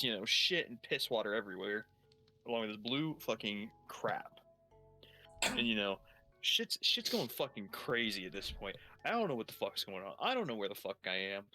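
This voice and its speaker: While playing a game, a young man with a fairly low, bright, forceful voice tells a long story. It is casual and profane: he rambles, swears heavily and keeps restarting his sentences.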